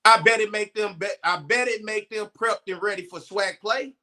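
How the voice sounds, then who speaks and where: A man's voice: high-pitched, moderate pace, sharp tone. A man co-hosting a casual sports talk show who argues his point with skepticism. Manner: argumentative, skeptical. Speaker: co-host.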